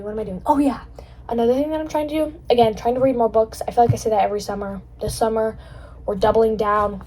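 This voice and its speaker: Young woman, podcast host, casual solo chat, bubbly, rambling, fairly high voice, breathy. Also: low-quality recording. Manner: bubbly and rambling, with many fillers.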